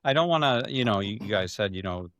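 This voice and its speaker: A man from Minnesota chatting as a podcast guest. He talks quickly, with a lowish voice and plenty of "uh" and "yeah". The sound is close and dry. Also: expressive, a bit bright, no room sound, highs cut off. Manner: fast, chatty, full of fillers like "uh" and "yeah". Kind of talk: casual chat.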